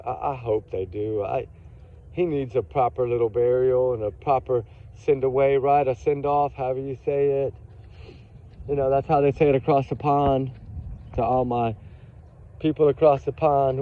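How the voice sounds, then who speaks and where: Texan guy chatting outside, kinda high voice, goes off topic a lot, sounds like a phone. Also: narrow, tinny audio. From Texas. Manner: rambling, chatty, drifts off topic. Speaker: vlogger. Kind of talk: casual chat. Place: outdoors.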